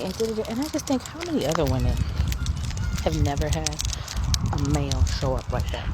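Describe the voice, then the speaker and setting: A woman in her thirties talking frankly and emphatically to camera while out on a morning walk, swearing freely. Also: deep voice. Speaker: vlogger. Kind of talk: casual rant to camera. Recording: noisy outdoor phone recording.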